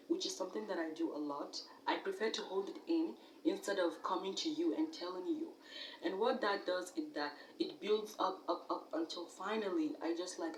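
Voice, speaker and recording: A young woman vlogger talking candidly to camera in a casual, animated way, sometimes laughing at herself. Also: fairly low pitch, reverberant, far from the mic, a little hiss or hum, poor audio.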